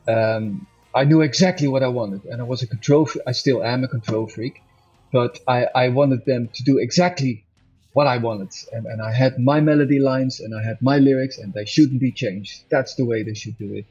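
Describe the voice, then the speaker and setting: Husky man in a rambling interview. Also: mid-range voice, normal speed, darkish tone. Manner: rambling, self-correcting, laughs often. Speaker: interview guest, musician. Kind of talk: casual interview chat. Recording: dull lo-fi audio with faint music.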